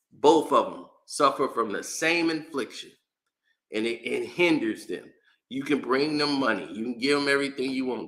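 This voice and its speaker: Bright-voiced man ranting animatedly. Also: a little high. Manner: animated, exasperated ranting with laughs and slang. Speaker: commentary channel host. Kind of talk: casual opinion rant.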